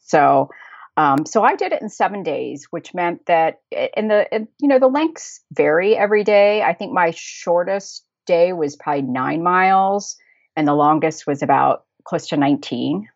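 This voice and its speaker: A woman's voice: on the low side, animated, normal speed, dry recording, highs cut off. An American woman chatting as a podcast guest, rambling and laughing often. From United States. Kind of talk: casual chat.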